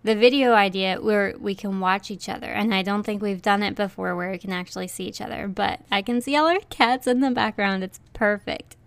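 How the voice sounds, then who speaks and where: A woman's voice: medium pitch, brisk, gravelly, few pauses, no room sound. A woman co-hosting a casual podcast from home over a video call, dry and teasing in manner. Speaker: podcast co-host. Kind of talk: casual chat.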